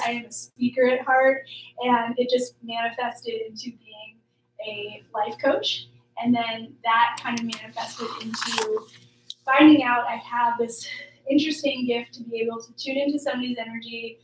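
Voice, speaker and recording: A woman's voice: a little high, far from the mic, slight background noise. A woman life coach hosting a small workshop group, talking in a chatty, upbeat way with many fillers. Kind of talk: casual group workshop talk. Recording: echoey room, voice from off-mic.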